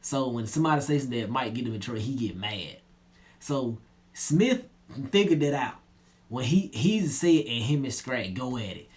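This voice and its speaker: A young man tells a story in an easygoing, slangy way. His voice sits at an ordinary pitch. His sentences often sink low and soft at the end. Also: expressive, normal speed. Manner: laid-back slangy retelling, drops low and quiet at line ends. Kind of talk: casual storytelling.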